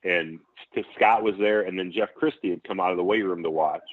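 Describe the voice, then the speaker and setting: A man from Saint Paul, Minnesota, a former football center, telling animated stories with laughs and restarts. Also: sits low, fairly quick, no room sound. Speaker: former NFL center, guest. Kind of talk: casual storytelling. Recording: tinny phone-like line, dry.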